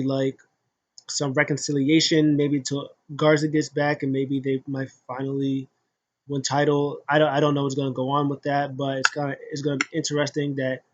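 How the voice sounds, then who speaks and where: In dull-sounding audio, a man with a mid-range voice casually recaps a wrestling show. He rambles with lots of fillers and restarts and acts out what people said.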